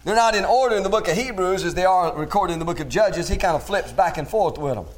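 Very high-voiced male preacher. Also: expressive, fast talker. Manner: emphatic preaching, rising to shouts, repeating amen; folksy plain-spoken grammar. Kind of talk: sermon.

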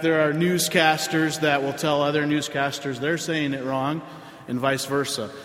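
A man, a pastor giving a sermon in a conversational way with frequent filler pauses. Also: on the high side, a bit bright. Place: church sanctuary. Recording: roomy hall with long reverb.

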